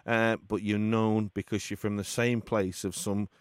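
A man's voice: on the low side, little pitch movement, a little slow, clear, resonant tone, dry recording. A man hosting a football radio show, presenting in a jokey way and laughing often with his guests. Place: radio studio.

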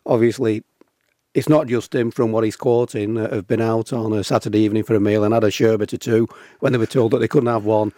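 A man with a Northern English accent, speaking as a radio pundit with dry humor and measured analysis. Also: on the low side, fairly even intonation, mellow, no room sound. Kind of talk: studio chat and analysis.

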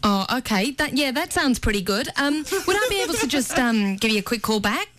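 A woman's voice: on the high side, big pitch swings, a little fast, a bit bright. Woman putting on a polite lilting Australian caller. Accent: put-on Australian. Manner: sweet, polite, rising at sentence ends. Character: polite Australian woman booking a hotel room. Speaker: radio host doing a prank call. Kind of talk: prank phone call.

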